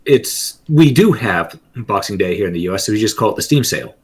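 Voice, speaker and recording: A man's voice: fairly low pitch, lively intonation, brisk, slightly rough. A man from the southern United States joking around as a podcast guest. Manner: joking, laughs often. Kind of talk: casual chat.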